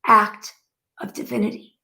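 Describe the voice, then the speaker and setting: A woman speaking as the channeled spirit of a calm, wise older woman, in a slow, measured and solemn way, at home in her living room. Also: poor audio. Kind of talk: channeled message spoken aloud.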